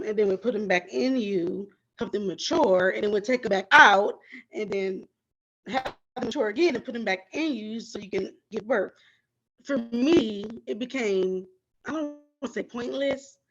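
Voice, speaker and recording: A woman speaks candidly about her own experience as a patient panelist. Her voice sits at a mid pitch. The video-call audio sounds somewhat dull and lo-fi. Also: a bit bright. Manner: candid, personal storytelling. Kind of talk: personal testimony on a panel.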